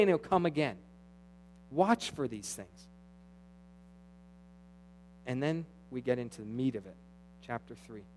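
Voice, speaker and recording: A man preaching with a voice a little higher than most men's. He is animated, jumping from loud exclamations to quiet asides. He voices the quoted speakers as he goes. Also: rough recording. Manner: acts out quoted dialogue of God and the priests. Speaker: pastor. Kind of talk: sermon.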